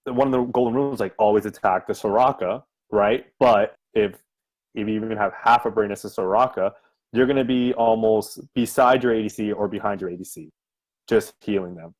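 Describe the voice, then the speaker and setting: A man's voice: on the low side, a little fast, rough recording. A man co-hosting a gaming podcast, asking a long rambling question full of fillers. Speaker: podcast co-host. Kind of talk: casual gaming podcast talk.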